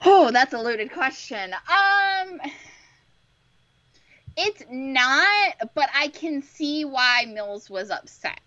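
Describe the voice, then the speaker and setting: A woman's voice: sits high, lively intonation, extremely slow, bright, forceful tone, dry recording. A young woman co-hosting a fan podcast, upbeat and giggly, rambling as she chats. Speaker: podcast co-host. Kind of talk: casual fan podcast chat. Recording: dull, dry lo-fi mic.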